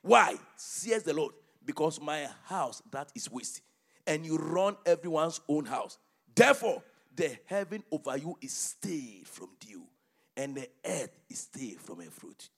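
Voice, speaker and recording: High, lively, gravelly-voiced preacher man. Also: a little slow. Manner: emphatic, call-and-response questions to congregation; swings from loud shouting to hushed near-whisper. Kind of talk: sermon with scripture reading.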